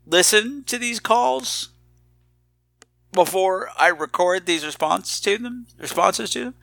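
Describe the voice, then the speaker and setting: A man hosting a podcast, telling a rambling, self-mocking story in a casual, animated way. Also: sits high, creaky, no echo. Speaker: podcast host.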